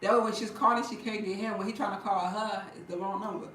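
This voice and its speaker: A woman chatting casually with her viewers, telling stories in an animated way, laughing and breaking into loud bursts. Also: mid-range voice, heavy background noise. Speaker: vlogger talking to viewers. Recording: roomy and distant from the mic.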